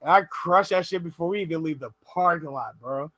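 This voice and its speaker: Animated young man telling stories. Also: on the high side, a little fast, dry recording, dull audio. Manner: animated storyteller, laughs often, quotes people. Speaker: podcast host. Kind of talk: casual podcast storytelling.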